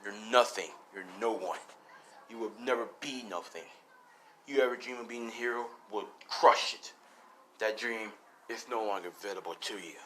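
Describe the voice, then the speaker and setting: A man's voice: fairly low pitch, moderate pace, a bit bright, slight background noise, close to an everyday voice. A man voicing a cruel middle-aged father who coldly mocks and sells off his son, in a fan-made story. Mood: gloating. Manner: cold, gloating, mocking.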